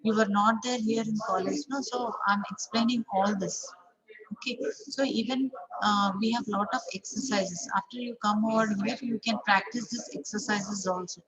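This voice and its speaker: A woman's voice: mid-range voice, steady tone, moderate pace, dull audio. Indian woman teaching an online class. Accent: Indian English. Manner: repeats example sentences, fills with frequent "okay". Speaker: English teacher. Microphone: video call. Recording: online class audio with crowd chatter behind.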